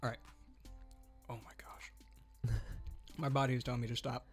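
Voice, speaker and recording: A man's voice: mid-range voice, little pitch movement, normal speed, faint music behind. Man talking through burning hot wings. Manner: strained, breathless from spicy food. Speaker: youth group co-host. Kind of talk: casual hot wing challenge chat.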